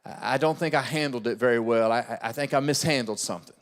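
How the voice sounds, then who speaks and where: A man voicing a dejected teenage boy who speaks quietly and haltingly, repeating his words. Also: medium pitch, voice pushed down, lightly acted. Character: teenage boy, eager new convert, dejected.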